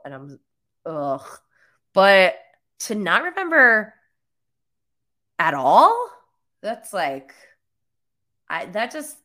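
A woman's voice: mid-range voice, bright, forceful tone. A young woman hosting a casual talk show, chatty and full of fillers, laughing often as she talks. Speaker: podcast host recapping reality TV. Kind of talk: casual chat.

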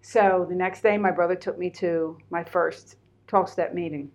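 Animated middle-aged woman telling her story. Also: lowish voice, moderate pace, lo-fi sound. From Pennsylvania, USA. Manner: animated, candid, heavy use of fillers. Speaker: interview guest. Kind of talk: personal storytelling in conversation.

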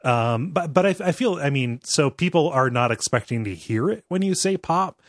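A man's voice: on the high side, lively intonation, moderate pace, dry recording, studio quality. A man hosting a podcast, talking in a rambling way with many restarts. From American Midwest. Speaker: podcast host. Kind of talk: casual chat.

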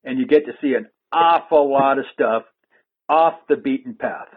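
A man's voice: medium pitch, moderate pace, breathy edge. A man hosting a casual conversation, rambling and hesitant with frequent restarts. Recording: phone-like lo-fi line.

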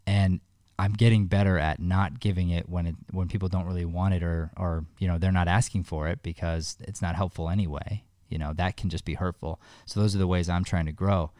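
A man with a very deep voice speaks in earnest. He tells a story and offers advice, often restarting his sentences. The sound is close and dry. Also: darkish tone, no room sound. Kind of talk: heartfelt one-on-one conversation.

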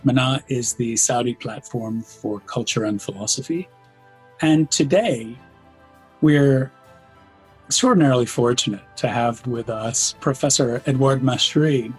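A man's voice: mid-range voice, unhurried, slightly rough, soft background music, poor audio. A man hosting an interview show, introducing his guest in a formal, effusive way with frequent ums. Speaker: podcast host.

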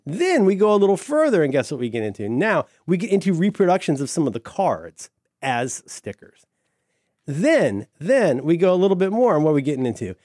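A man's voice: on the high side, a little mellow, no room sound, clean studio sound. A middle-aged man chatting casually as a podcast co-host, enthusiastic and rambling, full of fillers and restarts. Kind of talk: casual chat.

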